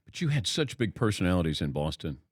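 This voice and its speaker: A man's voice: deep voice, very animated, fast. A man hosting a sports talk show, asking curious questions and laughing easily. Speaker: radio talk show host. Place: studio.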